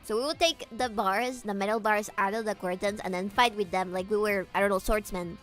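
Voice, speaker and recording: A woman streamer chatting casually with her viewers, animated, laughing often and swearing freely, with faint guitar music behind. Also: mid-range voice, a little fast. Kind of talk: casual livestream chat.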